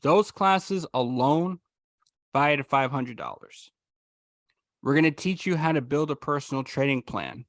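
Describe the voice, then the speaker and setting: A man in the middle of his range, pitching a course on a video call with punchy, emphatic delivery. The sound is dry and close, with no room around it. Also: dry recording. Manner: energetic, emphatic salesman tone. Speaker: host presenting a trading course.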